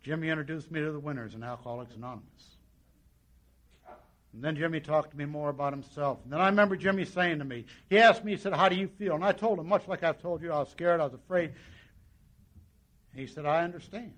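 A man's voice: fairly high pitch, fast, a bit bright. A man sharing his personal recovery story at a meeting, in a folksy storytelling way with lots of quoted dialogue. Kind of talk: personal testimony to an audience.

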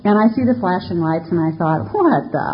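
A woman's voice: on the low side, fast, dull audio. An older woman giving a candid, self-mocking personal testimony about her recovery to a live audience. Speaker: speaker sharing recovery story.

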